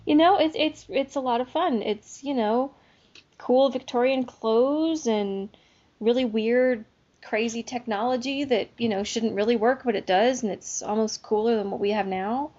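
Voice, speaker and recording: Female podcast co-host, casual book talk, slightly high voice, muffled lo-fi audio. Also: moderate pace, darkish tone. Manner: chatty, with filler words. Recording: dull lo-fi audio.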